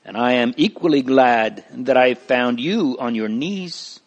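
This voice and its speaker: A man voicing a kindly, wise old male pilgrim in a storybook reading, gentle and fatherly. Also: medium pitch, expressive, measured pace, muffled recording.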